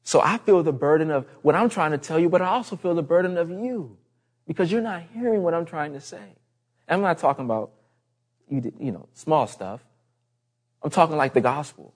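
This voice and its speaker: Earnest male preacher, higher voice. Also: fairly quick. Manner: earnest, emphatic, repeats key phrases. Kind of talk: sermon.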